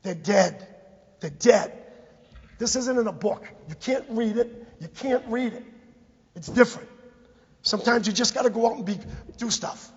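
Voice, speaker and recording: A man's voice: very high voice, normal speed, husky. A middle-aged man gives an impassioned, repetitive public comment at a town committee meeting, urging the members to act. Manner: emphatic, repetitive, exhorting. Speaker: bereaved parent giving public comment. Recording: dull, echoey public-access meeting recording.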